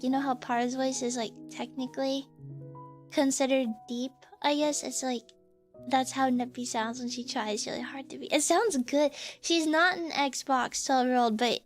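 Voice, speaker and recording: A woman streamer chatting casually with her viewers, rambling along with lots of fillers and restarts. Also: high voice. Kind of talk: casual live-stream chat. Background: faint background music.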